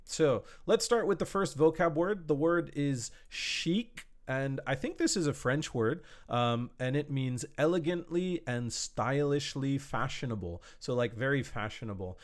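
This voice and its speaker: A man teaching an online English lesson to a camera in a room, explaining words patiently with simple examples. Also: mid-range voice. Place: indoor room, warm. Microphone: speaking to a camera.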